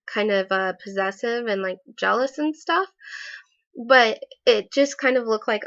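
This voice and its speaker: A woman's voice: a little high, a little slow, a bit bright. A woman recounting a personal story in a casual vlog, hesitant, with many fillers and restarts. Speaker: vlogger. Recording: slightly dull lo-fi audio.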